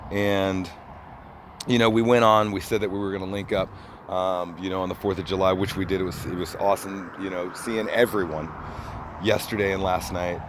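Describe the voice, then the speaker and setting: A man's voice: deep voice, little pitch movement, normal speed, background noise. Man vlogging outdoors, earnest and rambling. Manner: rambling, repeats himself, earnest. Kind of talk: casual monologue to camera. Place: outdoors, picking up trash.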